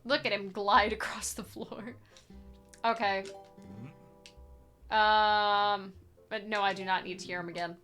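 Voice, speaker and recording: A woman's voice: mid-range voice, little pitch movement, unhurried, pauses often, pushed and bright, soft background music. A young woman streaming a game, chatting playfully and rambling with lots of "like" as she plays. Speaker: streamer playing a randomized adventure game. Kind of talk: casual gameplay commentary.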